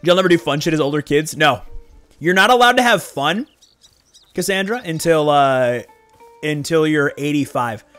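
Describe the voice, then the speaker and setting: A young man chatting casually on a game livestream, animated and rambling, with laughing asides to his chat. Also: fairly high pitch, moderate pace, faint music behind. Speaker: streamer.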